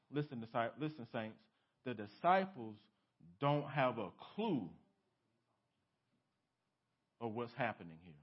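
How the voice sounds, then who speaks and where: A man preaching a sermon as pastor, dropping to hushed lows and rising to emphatic peaks, with many rhetorical questions to the congregation. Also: big pitch swings, normal speed, dull audio. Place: church sanctuary.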